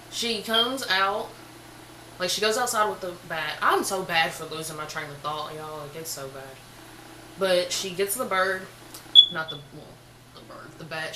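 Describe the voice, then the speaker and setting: A young woman with a bright, forward voice spins a casual storytime in an animated, slangy way. She records on a camera mic in a room at home, with a roomy echo and faint ambience behind her. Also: lowish voice, unhurried, a little hiss or hum. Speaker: vlogger.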